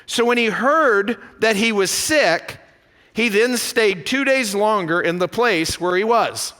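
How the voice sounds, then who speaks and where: A male pastor preaching a sermon in a church, animated and full of rhetorical questions. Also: high-pitched, takes it slowly, in a large hall. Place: church sanctuary.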